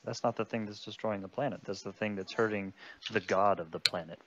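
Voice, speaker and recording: A man's voice: on the low side, fairly quick, sharp tone, muffled recording, slight background noise. A man playing a tabletop role-playing game, hesitant with fillers. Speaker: player.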